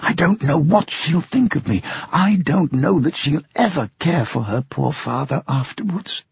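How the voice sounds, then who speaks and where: A man's voice: on the high side, lively intonation, unhurried, vocal fry, breathy edge, dry recording, voice pushed up, full character voice. A man doing a timid, remorseful old father. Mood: pleading. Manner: gentle, anxious, pleading. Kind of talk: audiobook reading. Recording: dull lo-fi sound.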